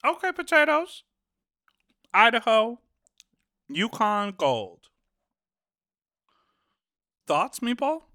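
A man's voice: extremely high pitch, very animated, very slow, long pauses, bright, forceful tone, no echo, studio quality. A man with a Midwestern accent co-hosting a podcast, playful and giggly in casual banter. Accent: Midwestern American. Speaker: podcast co-host.

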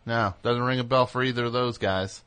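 A man hosting a call-in radio show, talking in an animated, rambling way full of restarts. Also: medium pitch, a little fast, clean tone.

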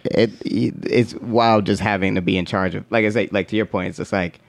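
A man chatting casually, telling lively, profane work stories and jumping into high voices when he quotes people. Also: normal speed, creaky, no room sound. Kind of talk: casual storytelling chat.

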